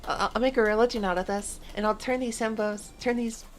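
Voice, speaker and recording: A woman's voice: a little high, steady tone, a little fast, slight background noise. A woman streaming a game and chatting casually, rambling in a playful, self-mocking way. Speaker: VTuber streamer.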